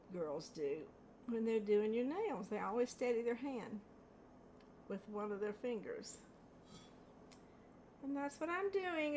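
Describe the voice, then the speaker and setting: An older woman talks through a painting demonstration in an unhurried, rambling way, chuckling at her own mix-ups. Her voice sits a little high, and a faint hiss runs under the recording. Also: darkish tone. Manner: chatty, rambling, laughs at herself. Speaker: craft video host. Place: home studio.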